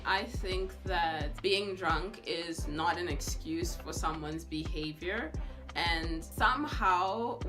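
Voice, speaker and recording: A young woman telling a personal story in a vlog, expressive, acting out what others said with gasps and laughs. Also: lowish voice. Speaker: vlogger. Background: background music.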